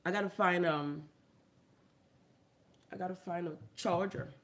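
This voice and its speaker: A woman from Haiti, ranting bluntly and profanely into her phone, swinging between loud outbursts and muttering. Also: on the low side, unhurried. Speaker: vlogger. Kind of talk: profane comedic rant.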